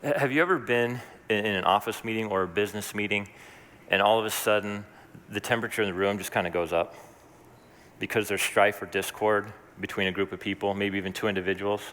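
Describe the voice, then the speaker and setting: A man's voice: on the low side, fairly even intonation, fast, fairly bright tone, big-room sound. A man preaching a sermon as pastor, talking in a conversational, earnest way with asides and restarts.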